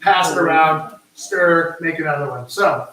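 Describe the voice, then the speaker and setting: Rambling cooking host in an echoey kitchen. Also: male voice, a little high, unhurried, pushed and bright, a little hiss or hum. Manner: rambling, self-mocking. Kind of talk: casual live cooking chat. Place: home kitchen. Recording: echoey room, mic far off.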